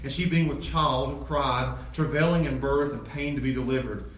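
Man, pastor, sermon, animated, fairly high voice, distant mic, roomy echo, faint room noise. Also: moderate pace. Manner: animated, rising loud when excited, dropping low for emphasis. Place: church sanctuary. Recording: echoey church hall from far off, faint ambience.

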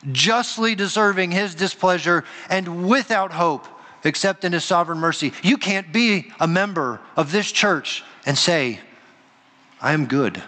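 High-voiced preaching man in a reverberant hall. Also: sharp tone. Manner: earnest preaching with dramatic pauses and quoted voices. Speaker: pastor. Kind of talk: sermon. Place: church sanctuary. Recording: long reverb of a large hall.

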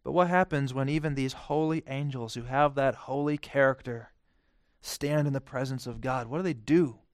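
A male preacher delivering a sermon, swinging from hushed, quiet phrases to loud, emphatic declarations. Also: medium pitch, normal speed, dry recording, clean studio sound.

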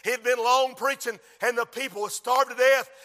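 A man preaches, his voice high and strikingly bright. He drops to near whispers while telling a story, then bursts into shouted refrains. The sound carries a long reverb from a big room. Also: fairly even intonation, normal speed. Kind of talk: sermon.

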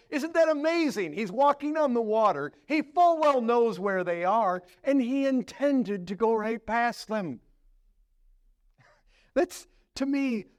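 High-voiced emphatic male preacher. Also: no room sound, studio quality. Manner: emphatic, swings from loud to hushed. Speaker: pastor. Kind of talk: sermon.

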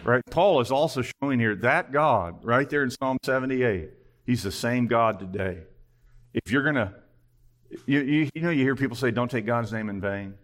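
A man's voice: mid-range voice, normal speed, a bit bright. A male pastor preaching an earnest sermon, full of pointed rhetorical questions.

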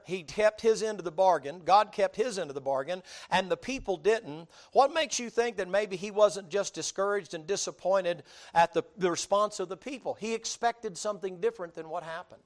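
A man preaching a sermon, telling the story in a lively, colloquial way and acting out the people he quotes. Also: high-pitched. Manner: animated storytelling with colloquial drawl, dramatic quoted voices, laughs.

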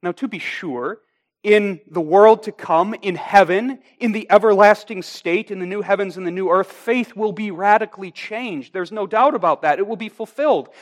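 A pastor preaching a sermon, deliberate and emphatic, slowing down to stress key phrases. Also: male voice, high voice.

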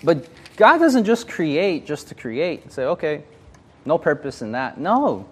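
Bible study leader, man, slightly high voice, loose conversational delivery with lots of ums. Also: very animated, unhurried, slightly rough. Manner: chatty, filler-heavy, asks the group questions. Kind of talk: casual interactive Bible teaching.

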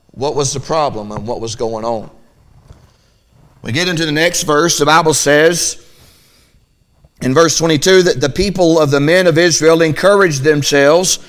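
A man preaching a midweek sermon as pastor, reading scripture and acting out the Israelites' voices in an animated, folksy style. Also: on the high side, clean tone.

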